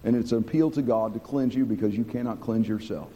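A man preaching a sermon to a congregation, earnest, slowing down and dropping low to stress key points. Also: dark tone, in a large hall. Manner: earnest, slows and drops low for emphasis.

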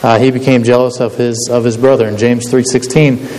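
A man's voice: mid-range voice, flat delivery, fairly quick, darkish tone. A man preaching a sermon in a conversational way, often asking his listeners to agree. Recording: long hall reverb with faint hiss.

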